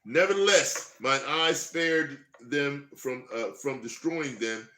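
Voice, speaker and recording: A man preaching, reading scripture verses slowly and then breaking into heated, emphatic commentary. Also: mid-range voice, pushed and bright, echoey room.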